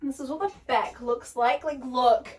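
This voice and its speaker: Brief: young woman vlogger, bubbly and chatty, a touch high, recorded from across the room. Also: steady tone, moderate pace, recorded from a distance. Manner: bubbly, gushing, full of "like". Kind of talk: casual try-on haul chat.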